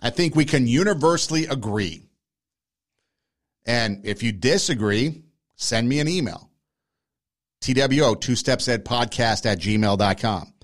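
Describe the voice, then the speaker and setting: A man with a medium-pitched, expressive voice hosts a podcast, speaking a little slowly with frequent pauses. He offers argumentative opinion commentary and addresses his listeners directly.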